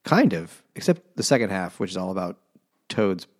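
A man's voice: low-pitched, very animated, normal speed, a little mellow. A man co-hosting a podcast, chatting casually and wryly about a book, rambling and laughing often. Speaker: podcast co-host.

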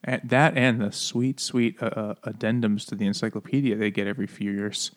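A man's voice: on the low side, steady tone, a little fast. A man co-hosting a casual podcast over beers, joking, swearing and laughing often. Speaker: podcast co-host.

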